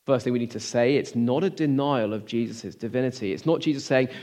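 An earnest man delivering a sermon in a middle-pitched voice. He poses questions to his listeners and presses his points with emphasis. Then he drops to a soft, near-whispered hush. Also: brisk. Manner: swings from emphatic to hushed, near-whispered lines. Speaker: preacher.

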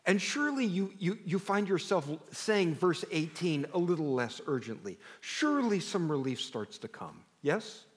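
A man preaching a sermon with a rather high voice that rises and falls in lively, animated swings. He talks conversationally and keeps putting questions to his congregation. His emphasis shifts freely from line to line. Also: normal speed, few pauses. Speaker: pastor.

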